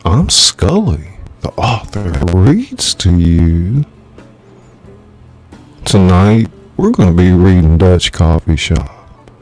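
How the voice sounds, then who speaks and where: Man, author narrating a thriller, deep, slow, mellow, faint music behind. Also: big pitch swings. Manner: measured, dramatic storytelling. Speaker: author reading his novel. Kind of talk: live audiobook narration.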